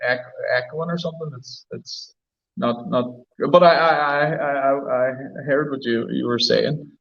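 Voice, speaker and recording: A man from Donegal, a distiller, talking haltingly in a casual online chat and repeating words. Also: medium pitch, steady tone, gravelly, echoey room, muffled recording. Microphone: online call.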